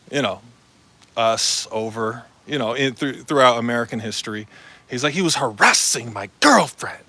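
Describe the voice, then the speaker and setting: Bright-voiced man rambling on a live stream. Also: medium pitch. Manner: rambling, filler-heavy, slangy. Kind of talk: casual live-stream monologue.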